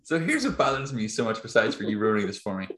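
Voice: mid-range voice, big pitch swings, quick pace, a bit bright. Podcast cohost, big fan, laughs a lot explaining stuff, echoey room. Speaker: podcast co-host, fan of the show. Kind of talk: casual chat. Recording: roomy echo.

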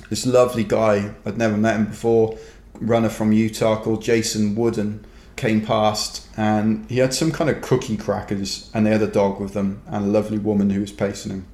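With a fairly low, darkish voice, a Welshman on as an ultrarunner guest wanders through a dry, humorous tale, leaning on "you know" and "kind of." There's a roomy echo on the recording.

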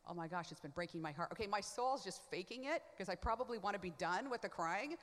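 Chatty woman in a reverberant room. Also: mid-range voice. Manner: chatty, full of "like" and quick asides; expressive, swings from hushed to loud. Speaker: panel guest. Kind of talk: animated personal testimony.

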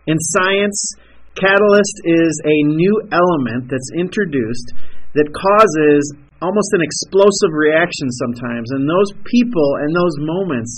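A middle-aged man, a youth pastor, giving an energetic, conversational sermon with frequent restarts. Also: a little high, husky, low-quality recording.

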